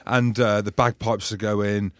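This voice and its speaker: A man co-hosting a podcast, telling lively anecdotes in casual banter and acting out the shouts of people in his stories. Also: on the low side, unhurried, no echo. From Scotland. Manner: animated storyteller, acts out loud voices in anecdotes. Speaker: podcast co-host.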